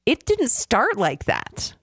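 A woman's voice: fairly high pitch, wildly swooping pitch, slow pace, husky, dry recording, studio quality. A woman hosting an interview, asking a thoughtful and earnest question. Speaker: host.

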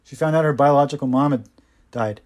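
A man's voice: mid-range voice, a little fast, darkish tone. A man hosting his own podcast, giving impassioned, sarcastic solo commentary with mocking asides. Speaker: podcast host.

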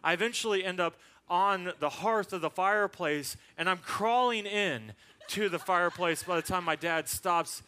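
A man preaching a sermon, telling a personal story and acting out the people in it in a lower voice. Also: moderate pace, bright, forceful tone, smooth. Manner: storytelling, acts out quotes in a lower voice. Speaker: pastor. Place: church.

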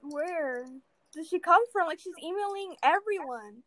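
A teenage girl chatting casually, venting in an animated way with lots of fillers. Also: very high voice, unhurried, no echo, poor audio. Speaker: student. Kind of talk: casual chat.

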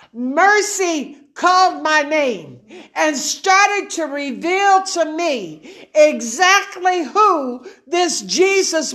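A woman's voice: high voice, a bit bright. A middle-aged woman preaching a sermon, emotional and fervent, calling out to the congregation.

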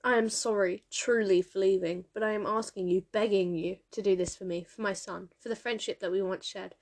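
A woman's voice: mid-range voice, steady tone, fairly quick, darkish tone, lightly acted. A woman reading a pleading immortal king. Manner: earnest, pleading. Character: anguished immortal male king, pleading father. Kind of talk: audiobook character reading.

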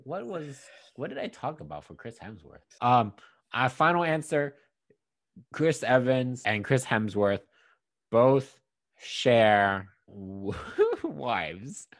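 A man's voice: mid-range voice, expressive, slow pace, no room sound. Rambling, joking man on a dry mic. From United States. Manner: rambling, joking guesses with laughter. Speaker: podcast co-host. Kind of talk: casual chat.

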